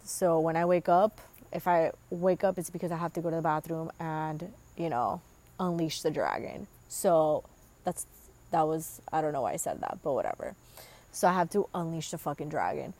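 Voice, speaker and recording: Casual solo vlog host: a young woman with a lowish voice, crude and rambling, heavy on fillers. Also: expressive, moderate pace, darkish tone. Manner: rambling and profane, with lots of fillers. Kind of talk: casual storytelling monologue.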